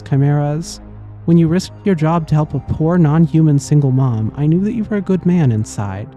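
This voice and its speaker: Apologetic princess-politician, earnest and pleading , read by a man in a mellow, slightly high voice. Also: lightly acted. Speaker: let's play host voicing game characters. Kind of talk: reading game dialogue aloud.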